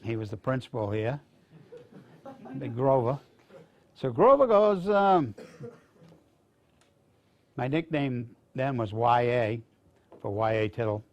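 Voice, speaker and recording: A man's voice: medium pitch, expressive, takes it slowly, pauses often, muffled recording. An older man from Maine, a veteran speaking to students, telling folksy stories in a rambling, casual way. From Maine, USA. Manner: rambling, folksy anecdotes with restarts.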